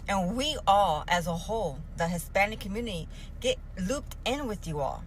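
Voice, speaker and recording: A woman's voice: medium pitch, animated, moderate pace, slight background noise, low-quality recording. A woman from Puerto Rico in an angry, heated rant to the camera, cursing constantly.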